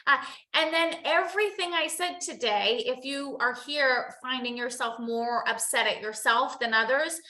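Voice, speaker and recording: Casting: bright, high-pitched woman, an earnest motivational host who repeats herself. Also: unhurried, roomy sound. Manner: earnest, repeats phrases, asks "right?" often. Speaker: host, coach. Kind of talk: motivational talk to viewers.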